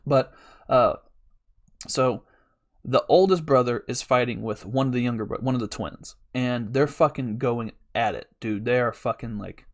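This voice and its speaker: A man's voice: mid-range voice, normal speed. A young man hosting a podcast, telling a long rambling story in casual chat, swearing a lot and laughing as he goes. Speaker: podcast host.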